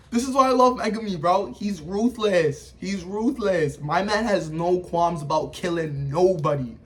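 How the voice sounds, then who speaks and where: A man reviews anime in casual, hyped commentary. His voice sits high and he talks with animated energy, full of slang and sound effects. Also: unhurried.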